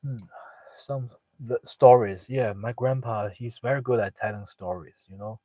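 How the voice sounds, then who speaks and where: A young man, telling a family story in casual talk with many pauses, fillers and restarts. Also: medium pitch, mellow, no echo, poor audio. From northeast China. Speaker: guest sharing a personal story.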